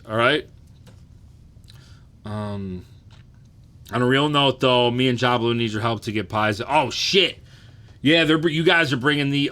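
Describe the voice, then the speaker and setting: A man's voice: mid-range voice, sharp tone. A man in his thirties hosting a casual livestream, loose and profane, often asking "you know what I'm saying". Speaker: livestream host.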